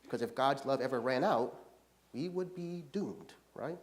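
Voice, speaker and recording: Man as a Bible study leader, relaxed teaching tone, keeps asking the group "right?". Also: mid-range voice, moderate pace. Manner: casual, often checks in with "right?".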